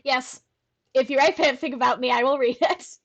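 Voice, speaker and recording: High-voiced playful young woman streamer. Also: fairly even intonation, moderate pace, fairly bright tone. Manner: playful, giggly, internet-slang asides. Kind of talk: reading a novel aloud on a live stream.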